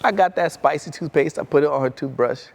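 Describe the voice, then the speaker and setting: A man's voice: on the high side, brisk, creaky. A man in his thirties giving a motivational keynote, telling a story and acting out his children's voices. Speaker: keynote speaker.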